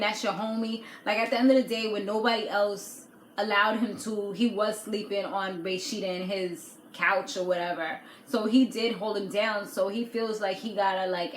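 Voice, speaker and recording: A woman casually recapping a reality TV episode, animated and gossipy, acting out what people said. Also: medium pitch. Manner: animated, gossipy, laughs often, acts out quotes. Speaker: TV recap vlogger. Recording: echoey room with faint noise.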